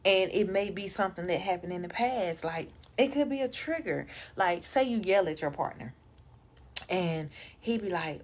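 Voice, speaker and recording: A woman coaching on relationships in a casual monologue, direct and emphatic, talking in relaxed vernacular grammar. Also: mid-range voice, normal speed. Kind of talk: casual advice monologue to camera.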